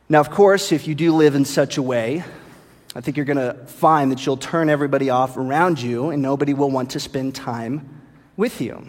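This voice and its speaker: A man's voice: mid-range voice, normal speed. Man preaching in a reverberant church. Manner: playful, tongue-in-cheek sarcasm. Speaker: pastor. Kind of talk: sermon. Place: church sanctuary.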